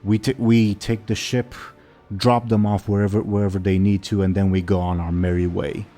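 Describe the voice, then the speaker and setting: Man doing a stern old orc officer, blunt, reproachful, low voice. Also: flat delivery, moderate pace, mellow, faint music behind, close to an everyday voice. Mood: firm.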